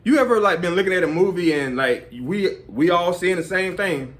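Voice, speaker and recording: A man's voice: sits high, moderate pace. A man giving casual advice in a rambling way, full of fillers. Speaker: vlogger.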